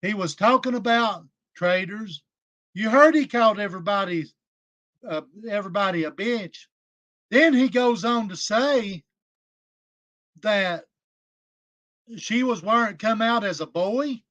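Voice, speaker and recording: A man's voice: sits high, unhurried, long pauses, a bit bright. A man commenting scornfully on a clip during a livestream. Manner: scornful, mocking.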